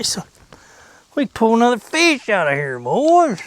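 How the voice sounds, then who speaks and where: A man with a drawl narrates his fishing trip from a boat, his voice pitched a little on the high side. He rambles in a silly, playful way, cracking jokes and sometimes whispering to himself. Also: wildly swooping pitch, measured pace, long pauses, a little hiss or hum. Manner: goofy, chatty, drops into whispers and silly sing-song noises. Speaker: fishing vlogger. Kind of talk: casual fishing commentary. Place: outdoors on a boat.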